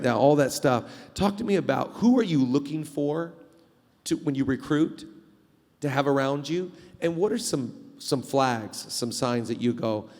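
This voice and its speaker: Man, panel host, mid-pitched, enthusiastic, affirming, echoing hall. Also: darkish tone. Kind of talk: live panel discussion. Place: conference stage before a live audience. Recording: long reverb of a large hall.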